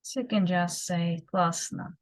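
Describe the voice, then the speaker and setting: A woman teaching beginners, explaining slowly and patiently with many fillers and repeated examples. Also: lowish voice, steady tone, a bit bright, poor audio. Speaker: Russian language teacher. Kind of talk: beginner language lesson.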